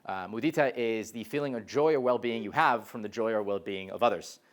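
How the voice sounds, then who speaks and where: A young man giving a live talk to a college class as a startup founder, telling stories in a lively way, full of "like" and "um," and acting out quoted voices. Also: fairly low pitch, fairly quick. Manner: lively storyteller, frequent "like" and "um", animated quoted voices.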